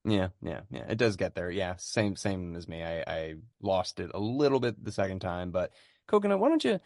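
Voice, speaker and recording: A man's voice: sits low, sing-song, normal speed, darkish tone, no echo, studio quality. A man hosting a podcast in casual chat, joking and rambling while steering the conversation. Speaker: podcast host.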